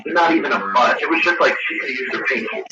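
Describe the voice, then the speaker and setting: A man calling in to a radio show, telling a ghost story in a halting, rambling way and often searching for his words. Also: a little high. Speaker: caller. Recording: dull, distant, echoey archival radio broadcast with loud music.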